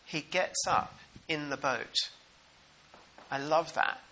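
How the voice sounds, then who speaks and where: A New man preaching a sermon in an animated, conversational way and putting questions to the congregation. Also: a little high, takes it slowly, slight background noise, poor audio.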